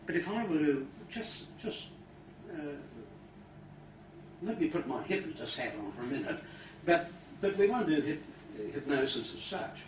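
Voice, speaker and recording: A calm man running a hypnosis training demonstration, talking softly and sometimes dropping to a hush. He sounds distant from the microphone in an echoey room. The recording is dull and noisy. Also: a little high, a little slow. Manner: calm, soft-spoken, drops to a hush when guiding breathing.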